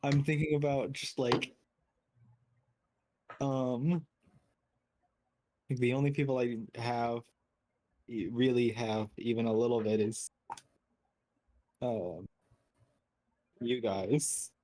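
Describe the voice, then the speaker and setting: A man's voice: mid-range voice, fairly even intonation, slow, long pauses, dark tone. A man playing in a tabletop game, chatting casually and rambling with many fillers. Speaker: player.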